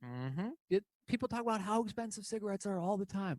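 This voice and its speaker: High-voiced rambling male podcaster. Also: animated, brisk, darkish tone, no echo. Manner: rambling, profane, acts out quoted people in storytelling. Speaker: podcast co-host. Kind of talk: casual chat.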